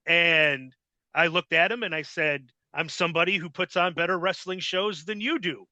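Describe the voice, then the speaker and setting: Bright-voiced, profane male podcast host. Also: fairly high pitch, moderate pace, no room sound. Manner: blunt and heavily profane. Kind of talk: casual interview storytelling.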